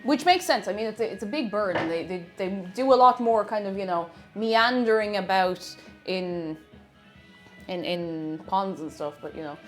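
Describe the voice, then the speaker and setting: A woman with an Irish accent and a mid-range voice chats casually at normal speed on a live cooking stream, reading out viewers' messages. She's chatty with lots of restarts, and soft music plays in the background.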